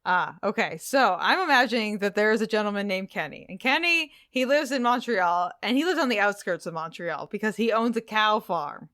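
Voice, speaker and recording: Playful woman podcaster, rambling improv, bright voice, crisp clear tone, dry close mic. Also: mid-range voice, expressive, brisk, hardly any pauses, no room sound. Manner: rambling, playful, self-mocking. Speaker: podcast co-host. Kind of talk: casual improv chat.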